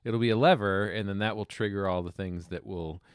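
A man chatting casually as a tabletop game player, relaxed and joking, often trailing off mid-sentence. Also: fairly low pitch, fairly quick, crowd noise. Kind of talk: casual chat.

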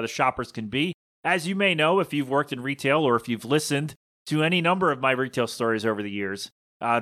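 Bright-voiced man rambling through a story. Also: medium pitch. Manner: rambling, digressive. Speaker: podcast host. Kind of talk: casual storytelling monologue.

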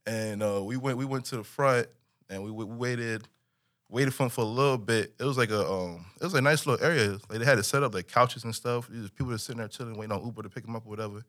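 A young man casually telling a story in an animated, slangy way, full of restarts and repeats. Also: medium pitch, fast.

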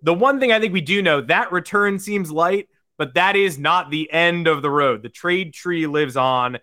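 Male podcast co-host, bright tense voice, slightly high, dry close sound, upbeat chatty manner. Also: dry recording. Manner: quick, upbeat, reads out listener questions. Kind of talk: casual sports talk.

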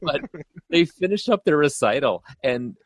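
Male podcast host, lively storyteller voice, dry close mic. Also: on the high side, normal speed, dry recording. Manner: animated storyteller, acts out quotes. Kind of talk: casual chat.

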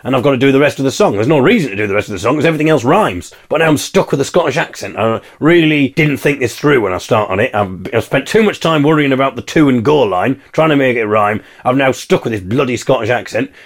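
A man's voice: medium pitch, animated, fast talker, hardly any pauses. A man from England hosting a podcast, delivering a wry, mock-indignant comic monologue and singing snatches of carols. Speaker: podcast host.

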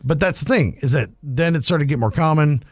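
A man's voice: a little high, a little fast, no room sound, clean studio sound. A man co-hosting a casual gaming podcast, rambling and swearing freely as he chats. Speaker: podcast co-host.

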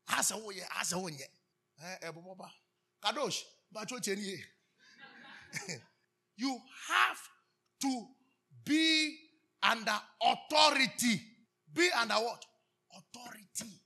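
Ghanaian pastor preaching, high husky voice, keeps asking the crowd to finish his lines. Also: sharp tone. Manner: call-and-response preaching, switching into Twi. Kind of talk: sermon.

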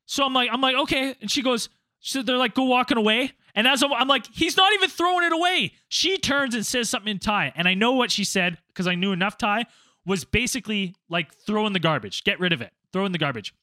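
A man telling a casual story to friends, animated and profane, acting out quotes loudly. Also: high voice, fast, no echo, clean studio sound. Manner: animated, acts out quotes, swears a lot. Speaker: storyteller, former teacher abroad.

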